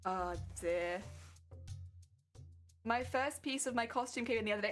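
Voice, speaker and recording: Chatty English woman streamer, higher voice. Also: normal speed, long pauses, a bit bright, faint music behind. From England. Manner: chatty, rambling, fillers like "like" and "heck yeah". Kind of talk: casual live-stream chat while sewing.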